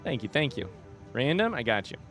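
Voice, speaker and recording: With big pitch swings and a fairly quick, fairly bright delivery, a man in the mid-range talks over soft background music. He's casually streaming a game from home on a desk microphone, chatting, reading viewer comments, and cooing at a baby.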